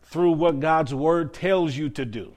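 A man with a slightly high voice preaches a sermon. He puts rhetorical questions to the congregation and draws out key words for weight, slowing down to press each point home. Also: darkish tone. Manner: preaching with rhetorical questions, drawn-out emphatic phrases. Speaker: pastor.

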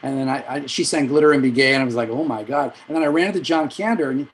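A middle-aged man, a music director and vocal coach, telling rambling anecdotes in an interview, with quick asides and self-corrections. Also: mid-range voice, low-quality recording. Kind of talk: storytelling in an interview.

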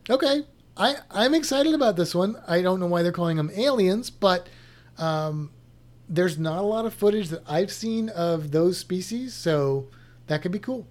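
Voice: medium pitch, lively intonation, normal speed, a little mellow. A science educator chatting casually, thinking aloud with restarts and a skeptical tone. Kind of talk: casual chat reacting to a show lineup.

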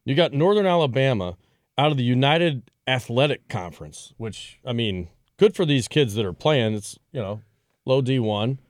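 A man co-hosting a sports podcast in casual chat, animated and full of exclamations. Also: mid-range voice, normal speed, no echo, clean studio sound. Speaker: podcast co-host.

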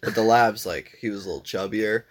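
A man's voice: on the low side, a little fast. A man casually telling a long story to a friend, laid-back, swearing freely and filling his talk with "dude" and "like".

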